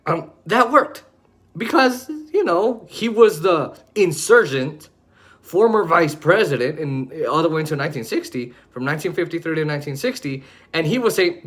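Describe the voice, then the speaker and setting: A man with a fairly high voice hosts a political podcast in an unscripted monologue. He talks bluntly and mockingly, stumbling through fillers and restarts, and his tone sharpens into open scorn. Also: lively intonation, normal speed, fairly bright tone. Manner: blunt, mocking, rising to heated anger; loose, with many fillers and restarts. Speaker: podcast host.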